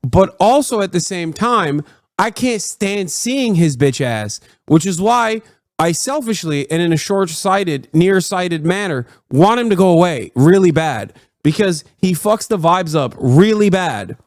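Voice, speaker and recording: A man in his thirties ranting excitedly and profanely while commentating on a live stream. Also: high voice, measured pace, no room sound, studio quality.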